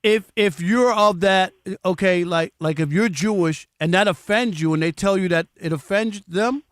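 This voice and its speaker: A man's voice: high-pitched, normal speed, dry recording, clean studio sound. A man co-hosting a sports talk radio show, insistent and repeating his points.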